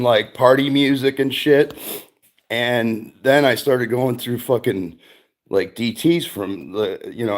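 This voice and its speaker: A middle-aged man hosting a stream, rambling through a casual chat with lots of swearing and frequent laughs. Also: medium pitch. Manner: rambling, profane, laughs often. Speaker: streamer host.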